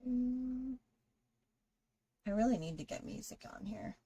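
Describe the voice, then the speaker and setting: A woman's voice: fairly high pitch, expressive, a little slow, mellow. A woman hosting a live drawing stream, chatting casually with viewers and greeting them while she draws. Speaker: livestream artist host.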